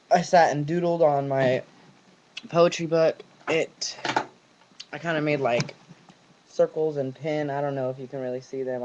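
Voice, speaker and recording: A man's voice: mid-range voice, a little mellow, lo-fi sound. A young man from California venting in a personal vlog, swearing heavily and talking in long run-on stories. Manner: ranting, heavy swearing, run-on storytelling. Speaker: vlogger.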